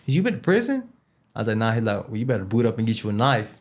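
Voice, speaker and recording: A man's voice: on the low side, fairly even intonation, very fast. A man telling a casual story as an interview guest, in loose street slang with Spanish words mixed in, rambling and repeating himself.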